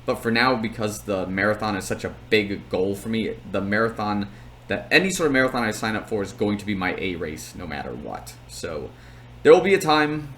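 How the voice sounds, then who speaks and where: A man's voice: lowish voice, animated, brisk, a bit bright, slight background noise. A young man talking casually and at length, with plenty of fillers, as he recaps his race on his channel. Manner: chatty, rambling, lots of fillers.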